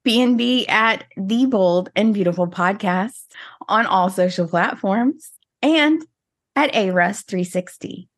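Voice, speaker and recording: A woman's voice: medium pitch, slow. A woman co-hosting a podcast, chatting casually and venting dramatically with playful energy. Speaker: podcast co-host. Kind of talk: casual chat.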